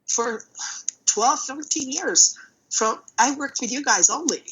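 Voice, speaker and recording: A woman, a middle school art teacher, telling energetic stories in a casual podcast interview. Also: high voice, slow, a little hiss or hum, poor audio. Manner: energetic and loud, animated retelling. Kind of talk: casual conversational storytelling.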